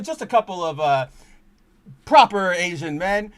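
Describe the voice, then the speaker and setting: Young man, podcast host, slightly high voice, casual rambling storytelling, excitable, swears a lot. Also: measured pace, long pauses, clear, resonant tone. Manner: rambling, excitable, lots of restarts and profanity.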